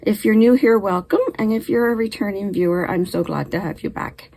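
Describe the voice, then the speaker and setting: A woman's voice: medium pitch, fairly quick, warm tone, poor audio. A woman hosting a casual knitting vlog from her home in Canada, chatting in a friendly way and sounding a little short of breath, with the odd cough. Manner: friendly, chatty, occasional coughs and throat clearing. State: short of breath after illness. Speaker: knitting channel host.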